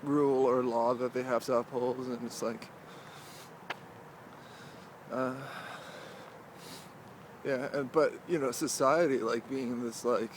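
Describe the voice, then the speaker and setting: A young man talking casually to the camera as he walks outdoors through a cemetery, rambling and halting, with many "like"s and restarts. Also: mid-range voice, fairly even intonation, background noise. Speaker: vlogger. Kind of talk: casual walking vlog monologue.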